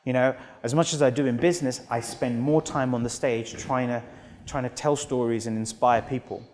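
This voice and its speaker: A British man in his thirties giving an energetic motivational keynote in a large auditorium, telling stories with acted-out quotes. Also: medium pitch, normal speed. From United Kingdom. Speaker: motivational speaker. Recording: long hall reverb.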